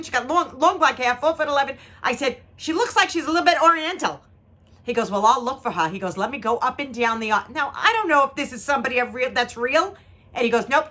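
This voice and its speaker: A woman's voice: on the high side, fairly bright tone. A woman telling a story as a mother, dramatic and acting out the voices of the people in it, speaking straight to the viewers. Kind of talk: animated storytelling chat. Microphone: two cameras.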